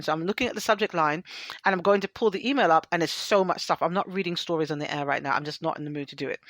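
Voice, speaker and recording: A woman radio host with a lowish voice talks casually between songs, thinking out loud and sorting through listener mail. Her sound is dry and close, with no room around it. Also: no echo. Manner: loose, candid, thinking aloud and reading out plans. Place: radio studio.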